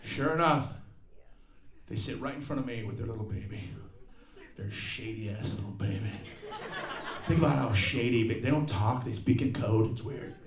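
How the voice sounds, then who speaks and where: There's crowd laughter and a roomy feel to this live comedy venue recording. A middle-aged man, medium-pitched and speaking at a normal speed, delivers a profane rant on stage. He acts out lines spoken by other people.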